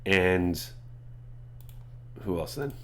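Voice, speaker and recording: A man's voice: sits low, expressive, drawn-out words. A man narrating a tabletop game as game master, chatty with self-deprecating asides.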